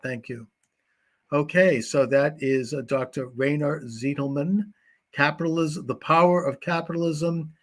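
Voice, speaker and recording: Affable male talk show host, higher voice. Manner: affable, chatty plugs and sign-offs. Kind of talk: live talk show hosting.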